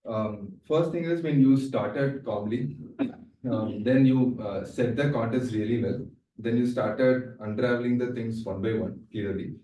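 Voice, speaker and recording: A man's voice: medium pitch, measured pace, dark tone. A man giving a club speech evaluation, hesitant, with many fillers. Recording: echoey room, distant mic.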